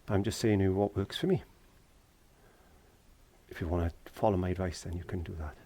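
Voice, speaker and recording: A Welshman teaches painting from a garden shed, chatting, joking, and talking to himself as he works in a casual tutorial. His voice is low and dark, with fairly even intonation and a brisk pace.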